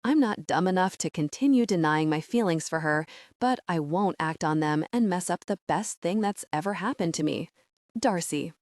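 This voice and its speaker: A woman narrating a first-person romance audiobook in an expressive, conversational storytelling manner, recorded on a close studio mic. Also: lowish voice, normal speed, no room sound.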